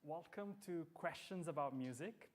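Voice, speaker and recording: A man's voice: on the high side, normal speed. A man, a musicologist, hosting a live talk series and introducing his guest with many fillers and restarts. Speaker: host and musicologist.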